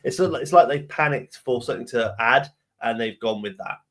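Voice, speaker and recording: Man, podcast host, tired, blunt rant, mid-pitched voice. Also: fairly quick, a bit bright. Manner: ranty, blunt, casual with swearing. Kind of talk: solo podcast Q&A.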